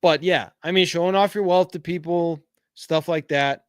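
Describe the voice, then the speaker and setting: A man's voice: on the high side, normal speed, smooth, no echo, clean studio sound. A middle-aged man hosting a casual podcast, reading viewer comments aloud and giving frank, rambling opinions full of fillers. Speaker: podcast host. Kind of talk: casual live-chat podcast.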